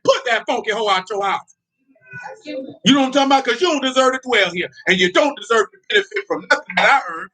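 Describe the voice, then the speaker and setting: Male preacher, high and forceful delivery; blunt, confrontational street-talk sermon with laughing asides. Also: breathy edge. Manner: blunt, confrontational, repeats "you know what I'm talking about"; breaks into laughter between points.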